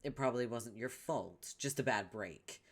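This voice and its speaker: A man's voice: mid-range voice, moderate pace, natural voice. A man voicing a bossy, cruel young troll girl who sneers and scolds in a comic read-along.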